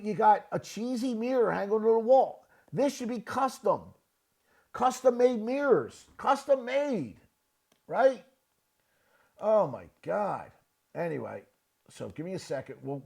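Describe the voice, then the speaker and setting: A man's voice: high-pitched, vocal fry. A man who builds houses, giving blunt casual commentary on a listing and asking "right?" again and again. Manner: blunt, repetitive, asks "right?" often. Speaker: real estate builder reviewing a listing. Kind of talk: casual screen-share commentary.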